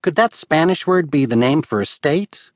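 A man voicing a curious, eager young woman who asks quick questions. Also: a little high, lively intonation, no echo, pitched above the performer's own voice, lightly acted. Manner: quick, inquisitive.

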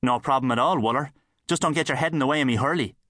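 A man's voice: medium pitch, quick pace, pushed and bright, dry recording. A man with an Irish accent voicing a cocky, sarcastic town boy in an audiobook. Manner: cheeky, sarcastic. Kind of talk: audiobook character voice.

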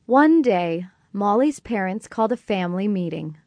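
A woman narrating a children's audiobook in a gentle, clear and expressive way. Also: medium pitch, normal speed, dry recording.

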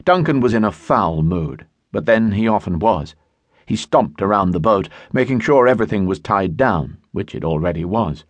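A man narrating a historical romance audiobook in a measured storytelling voice, recorded in a studio. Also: on the low side, lively intonation, no room sound. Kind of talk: scripted narration. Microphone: studio mic.

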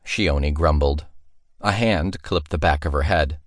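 A man narrating a fantasy audiobook in a measured storytelling manner, recorded in a studio. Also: low-pitched, no echo.

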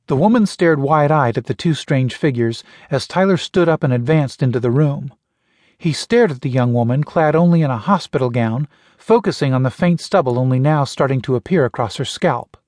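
A man narrating a science-fiction audiobook in a steady, even storytelling voice. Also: medium pitch, normal speed, dry recording, studio quality. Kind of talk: scripted narration.

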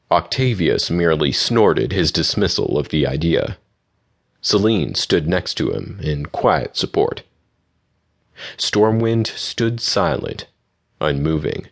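A man narrating a fantasy audiobook in a steady, measured way. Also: sits low, gravelly. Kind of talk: scripted narration.

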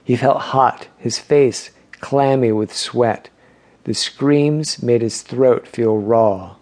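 A man reading an audiobook novel in measured, scripted narration. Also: mid-range voice. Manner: measured, even storytelling.

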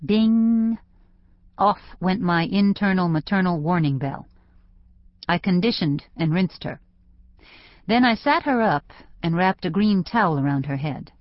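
Woman, audiobook narrator; lowish, wry, dry lo-fi studio. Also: lively intonation, normal speed, no room sound. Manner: wry, conversational storytelling. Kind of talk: scripted first-person narration.

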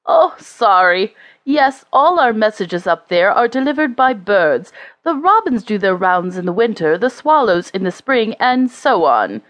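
A woman voicing a kind, jolly old Father Christmas in a gentle, deeper voice. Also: big pitch swings, unhurried, dry recording. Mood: apologetic. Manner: gentle, deep, strong voice.

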